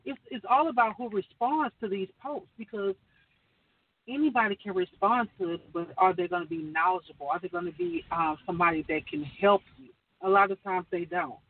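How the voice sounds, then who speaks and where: A woman's voice: mid-range voice, no echo. A woman on a call talking earnestly about running her own business, rambling with many fillers. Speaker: caller sharing business advice. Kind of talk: casual chat. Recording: distant tinny phone line.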